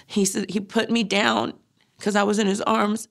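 A middle-aged woman speaking haltingly as she recounts her loss in a personal testimony, often pausing and using fillers. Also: medium pitch, level tone, gravelly. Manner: halting, grief-stricken, frequent fillers. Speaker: grieving mother interviewee.

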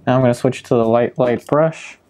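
A man calmly talking through a painting demonstration step by step, often pausing with ums as he works. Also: medium pitch. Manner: calm step-by-step explaining with frequent ums. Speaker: painting instructor.

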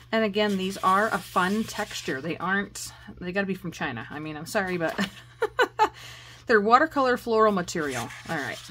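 A middle-aged woman hosting a crafting channel, showing off her haul in a chatty, excitable way with frequent laughs. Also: medium pitch, slight background noise. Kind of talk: casual show-and-tell haul vlog.

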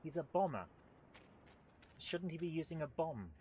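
Playful man chatting over loud game noise. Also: fairly high pitch, animated, normal speed. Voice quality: playful, jokey, puts on silly voices. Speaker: let's play streamer. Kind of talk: live gameplay commentary, chatting with viewers. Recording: noisy game audio behind. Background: game sounds and gunfire.

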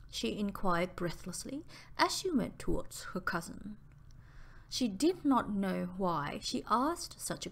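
A woman narrating an audiobook in a slow, deliberate reading style. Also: medium pitch, gravelly.

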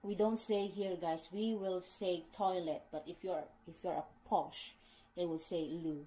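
A woman's voice: fairly low pitch, steady tone, unhurried, warm tone, poor audio. A woman with a Filipino accent, chatting casually to camera as a vlogger and often calling her viewers "guys" as she corrects herself mid-sentence. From Philippines.

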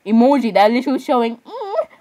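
Teen girl reaction vlogger, high bright voice, excitable and exclamatory, casual commentary. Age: teens. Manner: excitable, exclamatory, quick shifts between giggly outbursts and mumbled asides.

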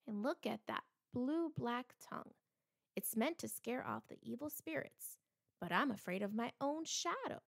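A woman voicing a curious, adventurous male dog in a children's storybook, speaking in a lively, exclaiming way. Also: a little high, a little slow, vocal fry, exaggerated voice. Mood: playful.

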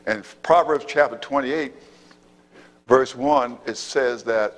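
A man's voice: mid-range voice, slow. A man preaching a sermon as pastor, calling out amen and praise God and repeating his phrases for emphasis. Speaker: apostle and pastor. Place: church sanctuary. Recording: reverberant church hall.

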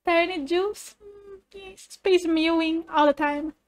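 A woman giving an excitable video reaction commentary as a VTuber, laughing and exclaiming often. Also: extremely high pitch, slow pace, crowd noise. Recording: video's music playing behind.

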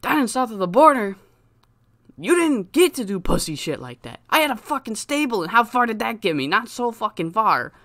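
A man's voice: sits high, animated, unhurried, bright, forceful tone, dry recording, clean studio sound, full character voice. A man voicing a brash, foul-mouthed male wrestler with a priest gimmick, cutting a taunting promo. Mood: taunting, boastful. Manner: boastful, cursing, taunting. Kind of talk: wrestling promo voice in a game let's-play.

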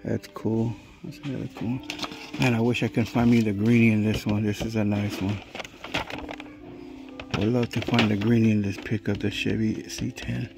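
A man's voice: on the low side, flat delivery, moderate pace, gravelly, music in the background. A man from California in casual commentary as he walks a hobby store, muttering laid-back reactions and ranting about prices. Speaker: diecast collector vlogger.

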